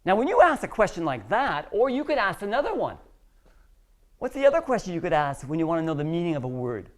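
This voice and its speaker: A woman's voice: lowish voice, fast, a little hiss or hum. A woman teaching English to a class, acting out little dialogues with lots of emphasis. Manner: animated, emphatic, acts out dialogues. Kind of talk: classroom lesson.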